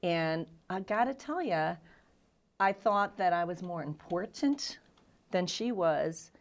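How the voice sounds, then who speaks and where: A middle-aged woman, a guest on an interview show, telling frank, self-deprecating stories in a candid and animated way. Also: on the low side, slow pace, dull audio.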